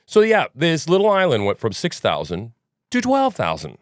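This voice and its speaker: A man's voice: a little high, wildly swooping pitch, moderate pace, no room sound, clean studio sound. A man hosting a news commentary podcast, talking casually in a rambling, sarcastic way. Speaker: podcast host.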